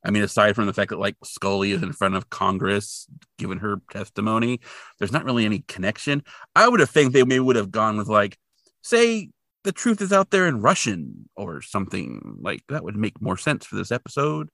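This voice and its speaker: Chatty man with a gravelly, bright voice. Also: on the low side, very animated, fairly quick, dry recording, clean studio sound. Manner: chatty, thinks aloud, second-guesses himself. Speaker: podcast co-host. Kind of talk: casual chat recapping a TV episode.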